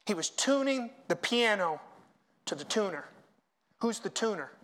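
A middle-aged male pastor preaching a sermon in a church, swinging from hushed asides to loud, chanted hymn lines. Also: high-pitched, very animated, a little slow.

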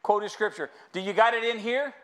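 Speaking at a moderate pace in a voice that sits high, this middle-aged American preacher mixes humor into his sermon. He's folksy and full of stories, calling the people in the sanctuary y'all.

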